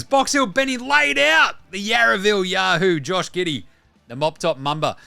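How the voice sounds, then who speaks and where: A man's voice: fairly high pitch, pushed and bright, no echo. An Australian man hosting a basketball podcast, talking in rambling, blunt, sweary casual commentary. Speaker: podcast host.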